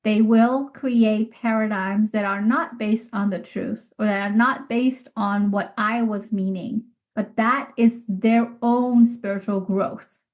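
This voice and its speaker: A woman's voice: mid-range voice, fairly even intonation, takes it slowly, few pauses, rough recording. A middle-aged woman hosting a solo podcast, talking in an earnest, heartfelt way and repeating phrases for emphasis. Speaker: podcast host. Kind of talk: reflective solo podcast talk.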